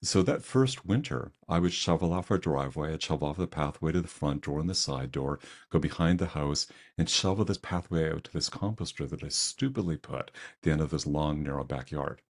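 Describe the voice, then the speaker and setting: A man's voice: a bass voice, lively intonation, a little fast. An older man from Canada, telling a self-deprecating story as a webinar presenter.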